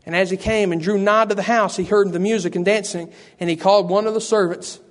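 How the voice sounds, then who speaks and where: A man's voice: high-pitched, fairly even intonation, quick pace. A man preaching a sermon, fervent and repetitive, calling out to listeners by name. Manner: addresses listeners by name, frequent "I tell you".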